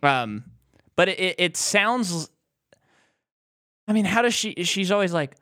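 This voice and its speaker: A man co-hosting a podcast, giving blunt opinions on movies with lots of halting restarts. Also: sits high, big pitch swings, bright, forceful tone, no echo, clean studio sound. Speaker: podcast co-host. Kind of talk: casual movie-review chat.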